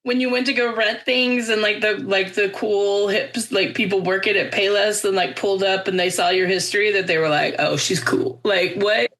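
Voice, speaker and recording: Bright-voiced woman teasing her co-host. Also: medium pitch, fairly even intonation. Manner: teasing, quick asides. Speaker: podcast co-host. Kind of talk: casual chat.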